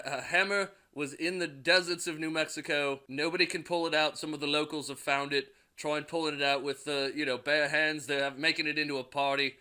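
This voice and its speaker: A man's voice: on the high side, pushed and bright, clean tone. A young man recapping a movie plot in a casual, crude way, swearing constantly and now and then acting out a character's line. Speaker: movie reviewer recapping a film.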